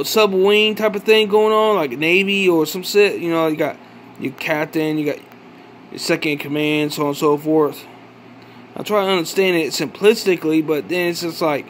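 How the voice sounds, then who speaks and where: A man with a notably high speaking voice vents in an accusatory vlog monologue. He fires off profane questions and stumbles into restarts as he goes. A faint background hum sits under his voice. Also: a bit bright. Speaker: vlogger. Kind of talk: angry ranting monologue.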